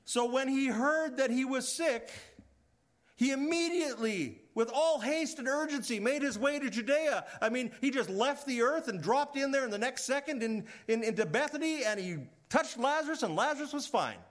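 A middle-aged male pastor preaching a sermon, swinging between loud emphatic rises and hushed, trailing low lines. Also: animated, moderate pace.

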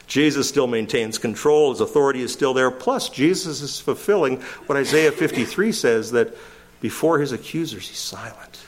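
An older man preaching a verse-by-verse sermon, animated, his voice climbing sharply when he quotes. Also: mid-range voice, normal speed.

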